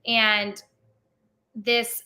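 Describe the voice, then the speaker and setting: A woman's voice: a little high, flat delivery, extremely slow, pushed and bright. A young woman telling stories in a casual interview as a theme park performer, chatty and full of "like" fillers. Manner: chatty, many "like" fillers, laughs often.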